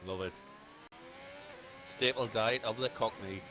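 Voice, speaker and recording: A man's voice: on the low side, slow, bright, forceful tone, a little hiss or hum. Dry-witted man co-commentating a race. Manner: dry, teasing quips between timing calls. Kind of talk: casual live race commentary.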